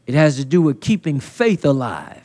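Folksy man preaching at a conference, high voice, swings from quiet teaching to loud exhortation. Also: very animated, moderate pace. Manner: call-and-response preaching, rising to loud emphatic peaks; folksy, with colloquial phrasing. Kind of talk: sermon. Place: conference hall. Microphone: handheld mic.

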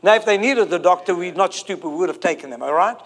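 Speaking fast in a strikingly high-pitched voice, a South African preacher in his forties delivers his sermon with emphasis. He repeats his key phrases and stretches them out.

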